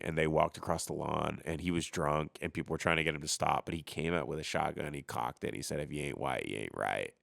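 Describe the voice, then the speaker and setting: Sarcastic comedian guy, gravelly and bright, rambling livestream rant, dry close mic. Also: deep voice, dry recording. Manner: sarcastic, rambling, puts on mocking voices. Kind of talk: casual comedic storytelling rant.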